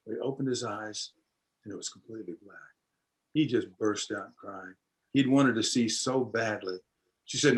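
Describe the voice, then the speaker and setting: Low-voiced man telling a folksy story. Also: rough recording. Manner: unhurried folksy storytelling, acting out voices lightly. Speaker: storyteller and musician.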